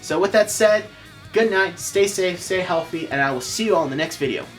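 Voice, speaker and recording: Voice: mid-range voice, expressive, brisk, faint music behind. An artist giving a casual tour of a home art studio, talking in an earnest, upbeat way and often repeating themselves. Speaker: artist vlogger. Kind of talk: casual room-tour vlog.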